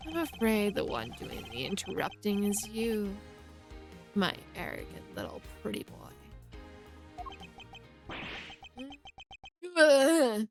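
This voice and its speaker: A woman voicing a brash, arrogant male police agent in a game read-through, talking cocky and dismissive. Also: medium pitch. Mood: taunting.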